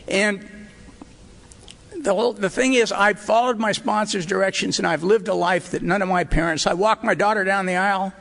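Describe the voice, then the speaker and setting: A man's voice: high-pitched, steady tone, moderate pace, creaky, pauses often, a bit bright. An older man sharing his personal recovery story at a meeting, earnest and emotional, with wry asides. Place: hotel meeting hall. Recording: reverberant hall recording.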